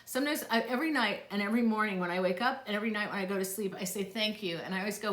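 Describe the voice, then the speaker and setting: A woman's voice: fairly high pitch, expressive, fast talker, few pauses, a bit bright. A middle-aged woman hosting a live psychic stream, chatting casually and gushing, with frequent gasps and laughs. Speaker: psychic host answering live questions. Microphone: phone or tablet. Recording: echoey room.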